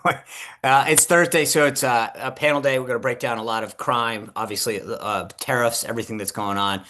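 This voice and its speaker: A man co-hosting a political talk show. He talks casually and jokily in halting bursts, full of fillers. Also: mid-range voice, fairly even intonation, pushed and bright.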